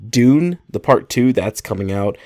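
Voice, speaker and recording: A man's voice: mid-range voice, expressive, a little slow, a little mellow, no room sound. A man co-hosting a movie podcast, explaining things in a casual, enthusiastic way. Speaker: podcast co-host. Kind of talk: casual chat.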